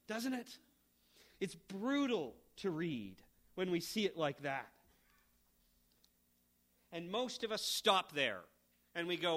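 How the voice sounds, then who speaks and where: Bright-voiced man preaching a sermon. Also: sits high, animated, measured pace, pauses often. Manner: emphatic, rising to fervent peaks then dropping quiet. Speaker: pastor.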